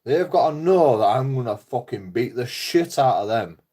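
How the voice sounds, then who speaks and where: A man's voice: mid-range voice, animated, moderate pace, dark tone. Blunt, swearing man, darker tone. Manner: heavy swearing, blunt, laughs often. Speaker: YouTuber. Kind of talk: casual rambling monologue.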